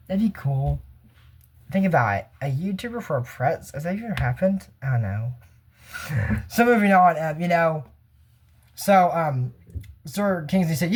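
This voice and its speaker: Casual YouTube reviewer from the US, chatty and rambling, wanders off-topic, frequent chuckles, unscripted. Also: mid-range voice. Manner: rambling, goes off on tangents, chuckles often. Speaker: YouTuber reviewing a cartoon episode. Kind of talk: casual commentary.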